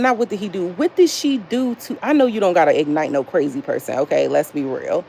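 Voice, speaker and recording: A young woman chatting casually on a livestream, profane and animated as she reads chat aloud. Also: mid-range voice, vocal fry, a little hiss or hum, poor audio. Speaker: livestream host.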